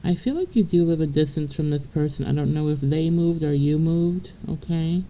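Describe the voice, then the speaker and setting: A woman's voice: low voice, normal speed, warm tone, rough recording. A woman giving a casual spiritual reading straight to the viewer, blunt and profane, chatty and laughing between points. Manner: blunt and profane, keeps checking in with "okay?". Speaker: tarot reader.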